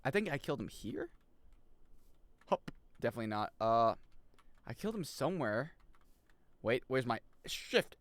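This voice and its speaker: Man, game streamer, excitable and jokey, very animated pitch, dry close sound. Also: normal speed, pauses often, no room sound. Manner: excitable, jokey, reacts loudly and reads chat aloud. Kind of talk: live gaming commentary.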